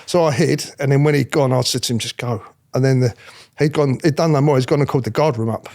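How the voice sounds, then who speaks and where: A middle-aged man who once served as a royal protection officer talks quickly in a medium-pitched voice. In this candid interview he tells blunt stories, animated and swearing freely, mimicking the people he talks about.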